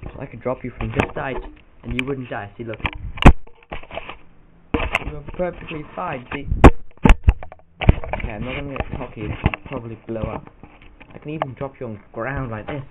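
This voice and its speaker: A man's voice: medium pitch, moderate pace, long pauses. A man, vlogging in a playful, rambling chat to camera. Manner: playful, rambling, goofy asides. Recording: tinny lo-fi camera audio with loud hiss.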